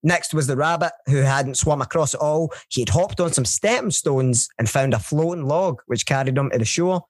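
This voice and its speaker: A man's voice: a little high, no room sound. A man telling a folk tale in a jokey, sweary way during a casual podcast chat. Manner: swears freely, jokey, fast retelling. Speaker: podcast co-host. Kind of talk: casual chat and comic storytelling.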